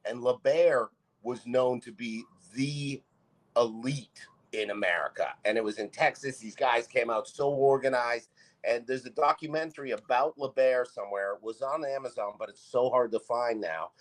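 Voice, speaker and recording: A man's voice: mid-range voice, moderate pace, rough recording. Man from Canada telling rambling stories. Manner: rambling anecdotes with bursts of laughter. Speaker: podcast guest, comedian. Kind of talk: casual comic storytelling.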